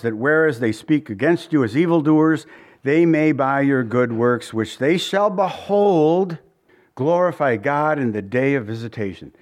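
A man delivers a sermon from the pulpit in an earnest, conversational way. His voice sits a little high for a man, and it rises when he pleads with his listeners. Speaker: pastor. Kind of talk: expository sermon.

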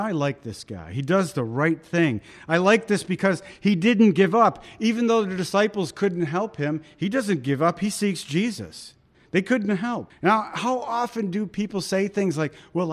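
A man preaching a sermon in a conversational, emphatic way, rising to pleading. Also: a little high. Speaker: pastor.

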